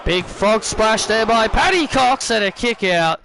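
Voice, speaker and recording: A man hosting a gaming channel, calling a wrestling video game match as mock play-by-play, excitable, repeating himself and shouting at the big moves. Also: high voice, measured pace, creaky, few pauses, slight background noise.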